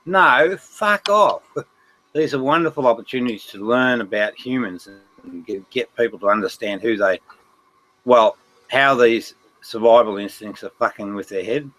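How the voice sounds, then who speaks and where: A man's voice: lowish voice, moderate pace, fairly bright tone, a little hiss or hum, rough recording. A man hosting a casual livestream chat, laughing often, swearing freely and speaking emphatically. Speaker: livestream host.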